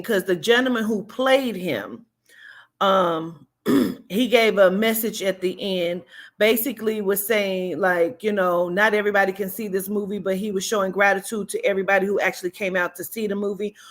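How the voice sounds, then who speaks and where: A woman in a casual vlog, emotionally recapping a movie she saw, speaking candidly with fillers and the odd swear word. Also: mid-range voice. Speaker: vlogger and spiritual reader.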